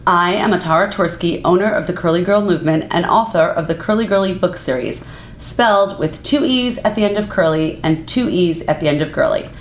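A woman's voice: on the low side, expressive, fairly quick, a little hiss or hum. Effusive woman podcast host in an echoey room. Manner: effusive, lots of "wow". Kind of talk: podcast interview. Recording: roomy echo.

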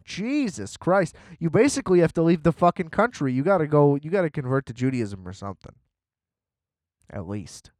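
A young man rambles through a film review in casual chat, sarcastic and heavy on profanity. His voice sits a bit high for a man. The recording is dry and close, with no room echo. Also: a little mellow. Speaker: podcast host reviewing a film.

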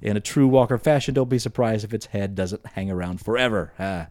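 A man's voice: lowish voice, fairly quick, a little mellow. A man hosting a casual podcast, reading offbeat news stories aloud and adding remarks. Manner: reads stories aloud with asides.

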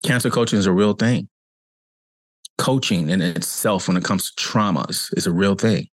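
Earnest low-voiced man coaching. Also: normal speed, dry recording. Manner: earnest, conversational, repeats himself for emphasis. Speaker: cancer coach and podcast host. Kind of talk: reflective motivational monologue.

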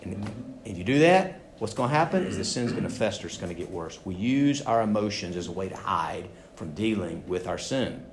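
A man's voice: on the low side, fairly quick, noisy background. A man preaching a sermon, acting out the people he quotes. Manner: animated, acts out quoted voices. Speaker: pastor. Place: church sanctuary. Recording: roomy church echo.

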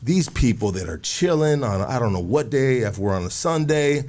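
A man hosting a podcast, telling a story in casual slang and acting out quotes with big jumps in pitch. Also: very animated, normal speed, darkish tone. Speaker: podcast host.

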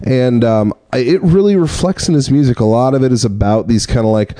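A man talking as a podcast guest about his music work, relaxed and rambling, with frequent fillers. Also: mid-range voice, brisk, no room sound, studio quality. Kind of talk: casual chat.

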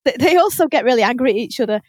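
Lively, laughing woman, rather high voice. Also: rapid-fire, husky, dry recording. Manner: animated storyteller, laughs often, swears freely. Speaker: podcast host. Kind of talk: casual chat.

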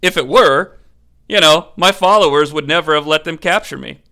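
Man playing a calm prophet, evasive, low, gravelly edge. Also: normal speed. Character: calm aloof prophet, male, young adult.

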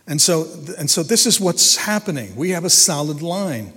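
A man's voice: on the high side, very animated, moderate pace, pushed and bright, husky. A man preaching a sermon in an earnest, emphatic way, often repeating and restarting his words. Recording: long hall reverb.

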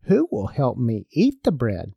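A man's voice: medium pitch, huge pitch swings, unhurried, gravelly, husky, muffled recording, heavily acted. A man voicing a hardworking little red hen in a storybook read-aloud. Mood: plucky.

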